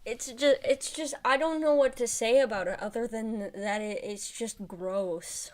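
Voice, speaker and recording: Woman, streamer, casual commentary, exasperated, stammering restarts, slow pace. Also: on the high side. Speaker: streamer reacting to videos.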